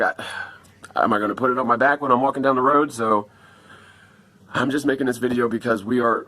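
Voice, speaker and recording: A man's voice: mid-range voice, fairly bright tone. A man talking to camera on a phone in a rambling, profane casual vlog, upset after an attack and asking viewers for help.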